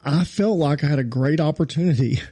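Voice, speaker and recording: A man who is a pastor, telling a personal story in a casual podcast chat, animated and poking fun at himself. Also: on the high side, fairly quick, husky. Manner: animated, self-mocking storyteller.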